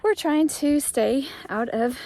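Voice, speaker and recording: A woman's voice: high voice, slow, warm tone. A middle-aged woman, casually chatting in a homestead vlog while walking outdoors. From East Tennessee. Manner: chatty, rambling, upbeat. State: out of breath. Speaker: homestead vlogger.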